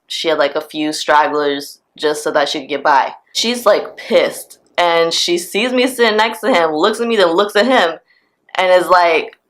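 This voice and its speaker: A woman in her twenties telling a storytime vlog, in a casual, profane and animated way. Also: fairly low pitch. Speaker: vlogger.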